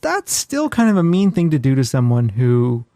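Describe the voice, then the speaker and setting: A man's voice: medium pitch, huge pitch swings, normal speed, warm tone, dry recording, clean studio sound. Wry, laid-back man hosting a podcast. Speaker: podcast host. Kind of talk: casual chat.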